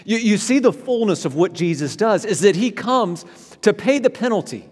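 Pastor, male, slightly high voice, animated sermon delivery with stumbles and restarts, long hall reverb. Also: normal speed. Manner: animated preaching with frequent restarts, rising loud then dropping quiet.

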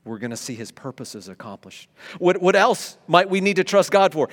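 A man preaching a sermon, stumbling over repeated words and swinging between loud emphasis and hushed tones. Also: high-pitched, lively intonation, fairly quick. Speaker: pastor. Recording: long hall reverb.

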